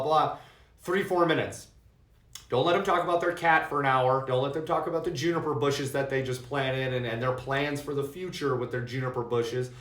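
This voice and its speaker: A man coaching insurance agents in an emphatic way, repeating his key points and calling his listeners "guys". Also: mid-range voice. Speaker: insurance sales trainer. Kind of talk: coaching talk to sales agents. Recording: echoey room.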